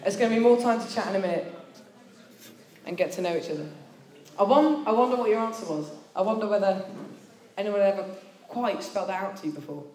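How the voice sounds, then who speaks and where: Woman, sermon with storytelling, casual and self-deprecating, mid-pitched voice, echoey hall. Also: fairly quick, long pauses, a little mellow. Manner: chatty, self-deprecating, many fillers. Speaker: speaker at a student church meeting.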